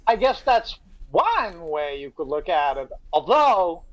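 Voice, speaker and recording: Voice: medium pitch, sing-song, slow pace, muffled recording, very noisy. A participant in a live fanfic reading, chatting in a hesitant, amused way. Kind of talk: casual chat during a group reading.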